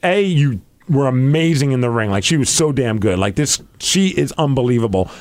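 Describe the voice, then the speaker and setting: A young man hosting a podcast, telling a story in an excited, rambling way and saying "like" a lot. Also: medium pitch, normal speed. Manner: excited, rambling, heavy use of "like". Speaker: podcast host.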